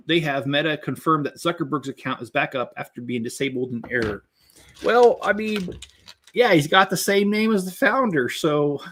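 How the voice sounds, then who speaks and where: A man's voice: a little high, a bit bright. A man hosting his own channel, chatting casually and telling rambling jokes full of fillers while he builds a toy set and greets viewers by name. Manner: rambling, joking storyteller with many fillers.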